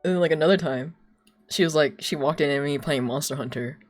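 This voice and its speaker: On a live stream with faint music in the background, a young woman with a low voice speaks a little fast. She rambles casually through stories, laughing frequently and relying heavily on fillers.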